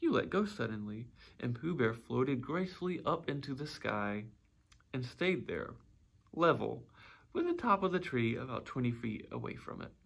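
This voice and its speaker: A man reading a children's storybook aloud in an expressive, gently animated way. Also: mid-range voice, normal speed, creaky.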